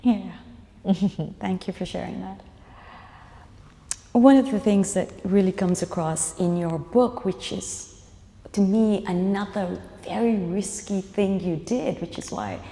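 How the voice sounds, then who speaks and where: A woman's voice: mid-range voice, takes it slowly, creaky, warm tone. A woman interviewing an author at a live onstage conversation, admiring and conversational. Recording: live talk in a roomy hall.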